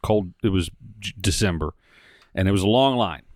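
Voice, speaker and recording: Lively, swearing man telling a story. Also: low voice, moderate pace, dry recording, clean studio sound. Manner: animated, profane storytelling with acted quotes. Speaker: podcast co-host. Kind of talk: casual storytelling chat.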